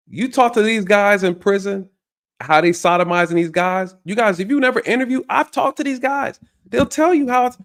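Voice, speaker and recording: A man's voice: high-pitched, lively intonation, normal speed, fairly bright tone. A man hosting a reaction video, talking emphatically to his viewers and repeating his points for stress. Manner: emphatic, repeats phrases, addresses viewers directly. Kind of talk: reaction commentary.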